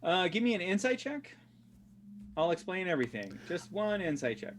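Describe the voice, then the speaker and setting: A man narrating a tabletop role-playing game as dungeon master, halting with many fillers. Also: high-pitched, very animated.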